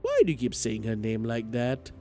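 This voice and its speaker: A man's voice: mid-range voice, wildly swooping pitch, moderate pace, mellow, faint music behind, voice pushed down. A man voicing a sullen, defensive teenage girl on a camping trip in a visual novel game, clipped and guarded. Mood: sulky. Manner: curt, guarded questions.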